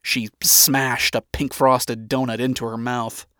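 Man reading a story aloud, even and steady, dry recording. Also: medium pitch, slow, no echo. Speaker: narrator. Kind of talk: scripted story narration.

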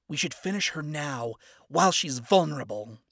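A man voicing a cold, ruthless female soldier lieutenant who speaks in a hushed, gloating way. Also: a little high, animated, normal speed, no echo, clean studio sound.

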